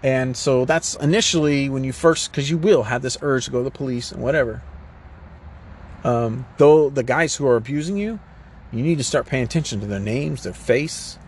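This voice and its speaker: A man's voice: mid-range voice, moderate pace, a little hiss or hum. A man ranting urgently in a casual, rambling way, swearing often and circling back to repeat his points. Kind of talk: casual rant to camera.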